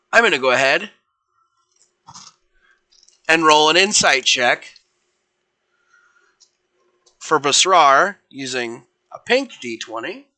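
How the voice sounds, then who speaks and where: A young man narrates his fan fiction live from a home stream, trailing into fillers and self-corrections as he goes. His voice is strikingly bright and sits at an ordinary pitch. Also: low-quality recording. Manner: voices figures without putting on accents.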